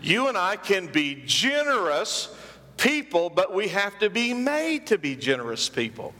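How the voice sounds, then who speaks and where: A pastor delivers a sermon in a church sanctuary, his high-pitched, very animated voice unhurried, pushed and bright. He works the call-and-response style, repeating phrases for emphasis and calling out questions to the congregation, all wrapped in long hall reverb.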